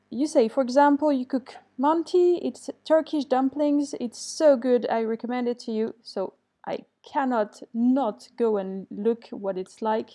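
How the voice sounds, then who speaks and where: A woman runs an online English lesson, reading students' answers and responding with gentle encouragement. Her voice sits fairly high yet sounds mellow and warm. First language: French. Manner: reads student answers aloud and comments kindly; switches to French to correct mistakes. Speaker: English teacher.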